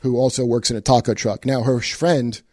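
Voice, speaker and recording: A man's voice: mid-range voice, fairly even intonation, a little fast, a little mellow, no echo. A man in casual podcast chat, telling a story in a rambling, profane way with many restarts.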